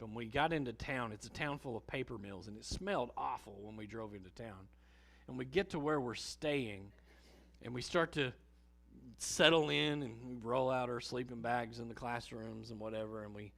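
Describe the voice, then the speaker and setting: A middle-aged man preaches from the pulpit with a gravelly, rough-edged voice. He spins vivid everyday stories, swelling with energy and then sinking low and hushed to land a point. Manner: storytelling, vivid and animated, drops low and quiet for emphasis. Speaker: pastor. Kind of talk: sermon. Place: church sanctuary.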